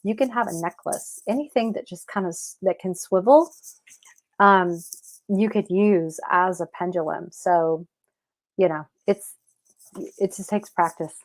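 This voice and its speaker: Chatty woman hosting a live Q&A. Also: measured pace. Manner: chatty, rambling, with fillers and self-corrections; rises into high baby talk with her cat. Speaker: host of a cat health show. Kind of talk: casual live Q&A chat.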